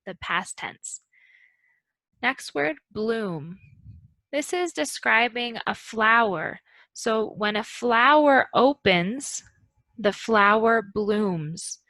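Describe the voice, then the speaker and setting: A woman gives a slow, carefully paced English lesson with a bright, clear voice. She patiently models example questions and sentences. The sound is dry and close, with no room around it. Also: mid-range voice, no room sound. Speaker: English teacher.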